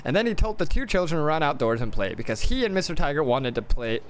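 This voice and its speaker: A man's voice: fairly high pitch, very animated, fast, a little hiss or hum. A man reading a storybook aloud on a live game stream, swearing and joking between stumbling lines. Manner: profane, joking asides, stumbles and restarts. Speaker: gaming streamer.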